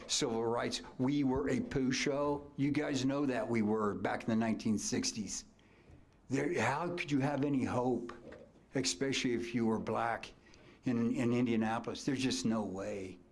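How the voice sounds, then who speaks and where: A man in his sixties with a Midwestern American accent, a coach giving a storytelling hall of fame acceptance speech from a podium, dropping to whispers and bursting out loud. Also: medium pitch, slight background noise. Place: banquet hall at a ceremony.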